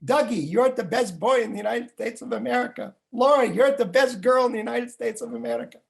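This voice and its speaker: A man's voice: very high voice, fairly quick, vocal fry, pitched above the performer's own voice, exaggerated voice. A man putting on the voice of his doting old grandfather, with a Russian accent and fond, repeated praise. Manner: fond, repetitive declarations.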